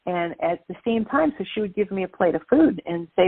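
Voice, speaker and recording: A middle-aged woman from Brooklyn, a guest telling lively stories in an interview. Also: medium pitch, a little fast, few pauses, slightly rough, no echo. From Brooklyn, New York. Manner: lively, animated storyteller. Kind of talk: interview storytelling. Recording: tinny phone-like line.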